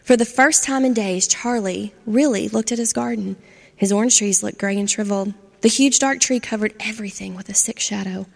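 A woman reading a children's storybook aloud with expressive narration. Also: medium pitch, brisk, creaky. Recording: long hall reverb.

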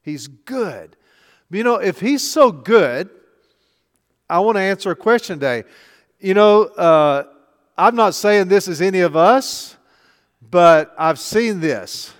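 A man's voice: high-pitched, lively intonation, takes it slowly, long pauses. An older man, a pastor, preaching a chatty sermon full of rhetorical questions. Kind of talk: conversational sermon. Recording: long hall reverb.

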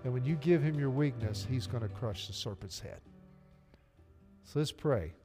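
A man's voice: medium pitch, animated, moderate pace. A man with a Southern US accent preaching a sermon to his congregation, in an earnest, direct manner. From Arkansas. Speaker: pastor. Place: church sanctuary. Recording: long hall reverb, faint music. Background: faint music.

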